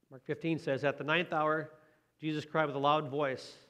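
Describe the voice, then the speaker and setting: A man's voice: medium pitch, steady tone, moderate pace, a bit bright. Conversational male preacher. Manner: conversational, asks the listeners questions. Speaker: pastor. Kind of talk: sermon.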